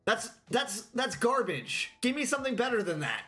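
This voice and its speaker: Animated, bright-voiced young man ranting. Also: very high voice, moderate pace, faint music behind. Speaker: game player. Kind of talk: casual chat while playing.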